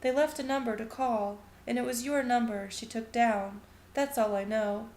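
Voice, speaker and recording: A woman's voice: on the high side, steady tone, normal speed, a little mellow, a little hiss or hum, close to an everyday voice. A woman voicing a distracted, anxious mother who talks in a fretful, apologetic way, in a story reading in an echoey room.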